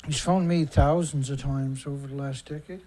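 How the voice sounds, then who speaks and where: A man's voice: mid-range voice, steady tone, moderate pace, dark tone. A middle-aged man hosting a daily news livestream, talking in a casual, rambling way that is blunt, sarcastic and profane. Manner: rambling with frequent fillers and asides.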